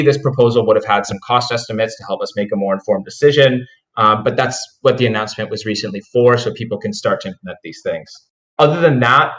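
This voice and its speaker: A man with a nasal voice giving a measured, filler-laden governance report on a live community call. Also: mid-range voice, fairly bright tone, roomy sound, poor audio. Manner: measured, explanatory, with frequent fillers.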